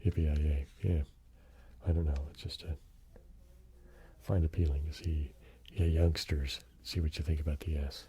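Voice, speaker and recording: A man doing soft-spoken ASMR show and tell, slipping into whispers and slowly reading out track lists in a relaxed, rambling way. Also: rumbling low, slightly rough. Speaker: ASMR host.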